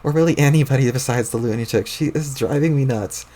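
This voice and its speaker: A man's voice: medium pitch, fast, mellow, a little hiss or hum, lightly acted. A man reading a webcomic aloud, putting on the voice of a bossy, exasperated young girl who scolds and swears.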